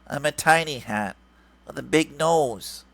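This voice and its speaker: A man's voice: a little high, measured pace, creaky, a bit bright, dry recording. A man doing a nasal, greedy grifter parody. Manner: mocking, sing-song and repetitive. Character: greedy whiny male online grifter begging for money. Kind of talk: mocking impression.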